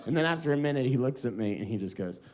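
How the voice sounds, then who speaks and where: An American man telling a story in a stand-up set on a comedy stage, acting out voices with lively energy. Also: medium pitch, very fast. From United States. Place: comedy stage before a live audience.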